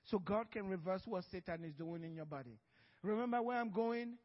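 A man's voice: sits high, brisk, big-room sound, muffled recording. A man preaching a sermon as pastor, telling a story with frequent laughter and acted-out dialogue.

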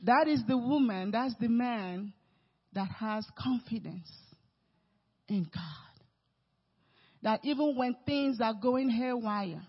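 Male pastor, sermon delivery, slow and emphatic, recorded in a reverberant sanctuary. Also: extremely high pitch, animated. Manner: emphatic preaching with big swings in loudness. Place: church sanctuary. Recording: reverberant hall, dull sound.

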